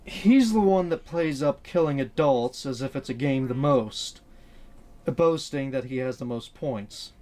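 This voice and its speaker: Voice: medium pitch, unhurried, darkish tone. A channel host giving candid, earnest commentary on a video game, blunt and swearing casually.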